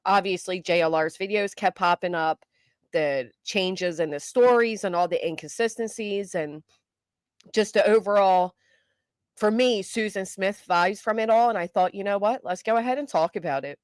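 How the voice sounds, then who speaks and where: A middle-aged woman hosting a live stream, chatting casually with viewers, greeting them by name, and talking fast and loud. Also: mid-range voice, smooth, no room sound, studio quality. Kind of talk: casual live chat, reading comments.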